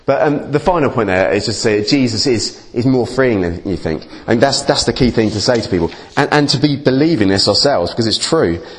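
A preacher delivers a conversational sermon in an informal style, often restarting and repeating words and tossing in lively asides. His mid-range voice moves fairly quickly with few pauses.

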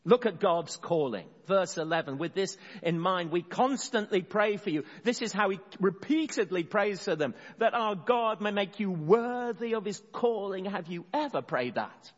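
A man preaching an expository sermon, earnest, slowing down to stress key words and often restarting phrases. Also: high-pitched, expressive. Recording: dull sound in a long-reverb hall.

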